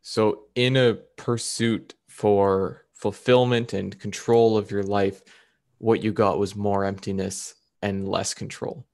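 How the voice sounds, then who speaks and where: A man's voice: fairly low pitch, flat delivery, slow, a little mellow, no echo, studio quality. A man hosting a podcast interview, mostly giving short affirmations and asking brief clarifying questions. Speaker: podcast host. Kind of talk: conversational interview.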